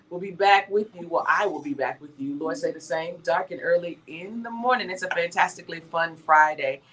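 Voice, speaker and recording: A woman's voice: mid-range voice, fairly bright tone. A woman from the southern United States hosting a morning radio show, chatting and signing off with blessings. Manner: upbeat sign-off, blessing listeners. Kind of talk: casual radio chat.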